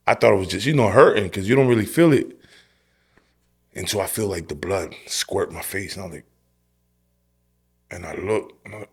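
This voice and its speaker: A man in his forties tells his testimony on a podcast, direct and full of street talk. His voice sits on the low side. He tells the story with energy and acts out what he once said. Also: normal speed, pauses often. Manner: animated storytelling, acting out his own past lines; streetwise, direct, says "bro" and "yo". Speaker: guest sharing his testimony. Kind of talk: personal testimony in a podcast interview.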